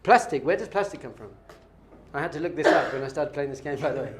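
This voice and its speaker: A man leads a class as a rabbi, his voice pitched somewhat high for a man. He teaches in an animated, playful way and keeps quizzing his students. He sounds middle-aged. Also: quick pace, heavy background noise.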